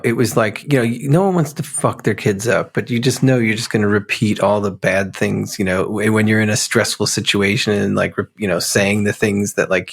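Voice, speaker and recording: A middle-aged man from Pennsylvania, a guest musician in a casual interview, talking in a relaxed, rambling way full of fillers. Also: fairly low pitch, gravelly. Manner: relaxed, rambling, lots of "like" and "you know".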